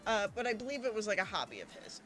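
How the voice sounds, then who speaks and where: A woman doing casual let's-play commentary at her computer, rambling excitably with plenty of fillers. Her voice sits mid-range, with soft game music underneath. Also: medium pitch, racing. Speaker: gaming streamer. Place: at home at a computer. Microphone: desk microphone.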